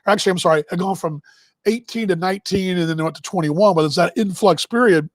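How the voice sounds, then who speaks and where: A man's voice: sits high, fast, dry recording. A man in his fifties from Texas, hosting a broadcast and telling casual, rambling stories with chuckling asides and self-interruptions. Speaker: broadcast host. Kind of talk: casual storytelling monologue.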